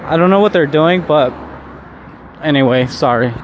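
A man's voice: fairly high pitch, normal speed. Man, casual vlog talk, rambling, swears a lot, frequent laughs, faint traffic outside. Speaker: vlogger.

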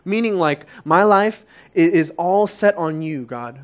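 A young adult man preaching a sermon, earnest and confessional, dropping soft and then rising to emphatic peaks. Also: high voice, expressive, unhurried.

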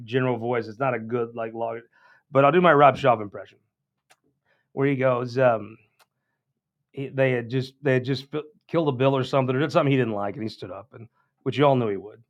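A man's voice: medium pitch, fairly even intonation, a little fast, dull audio. A man hosting a political show, giving a casual, rambling and folksy announcement with many restarts.

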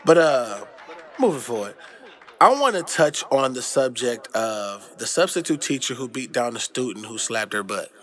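A man's voice: mid-range voice, big pitch swings, moderate pace, fairly bright tone. A young adult man hosting a casual commentary monologue, ranting loosely with heavy slang and profanity. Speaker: host.

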